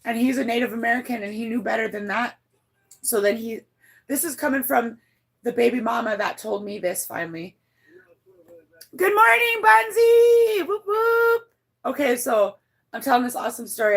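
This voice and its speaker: Talking fast in a slightly rough voice, a woman shares a personal story with her livestream chat, rambling, cursing freely, and frequently starting sentences over. She's blunt and emotional, her voice rising high when moved.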